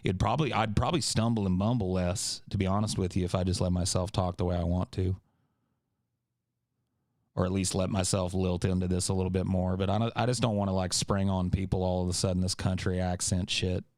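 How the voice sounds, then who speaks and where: A deep-voiced man from Central California with a California accent and a faint Southern tinge, answering listener questions on his podcast. He rambles and swears bluntly in a fairly monotone delivery, recorded dry and close. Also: a little fast, no echo. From Central California, USA. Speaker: podcast host. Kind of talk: casual podcast Q&A.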